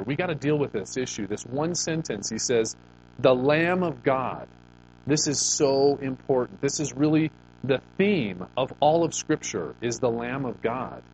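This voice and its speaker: A middle-aged man delivers a sermon in an expressive voice, reading scripture aloud and asking the congregation rhetorical questions. His voice is mid-pitched, neither high nor low. A faint hum sits under the recording. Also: low-quality recording. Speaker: pastor.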